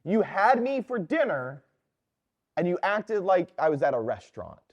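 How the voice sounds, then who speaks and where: A woman's voice: medium pitch, big pitch swings, moderate pace, warm tone, husky, lo-fi sound, voice pushed up. A man voicing an indignant churchgoing woman who scolds her pastor in an exasperated, insistent way.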